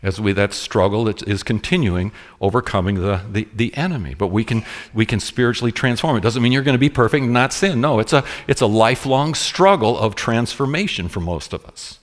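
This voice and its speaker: A man preaching a sermon to a congregation, slowing down to stress key words and repeating his points. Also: fairly low pitch, lively intonation. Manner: preaching with sudden slowed emphasis and repeated phrases. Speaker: pastor. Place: church room with congregation.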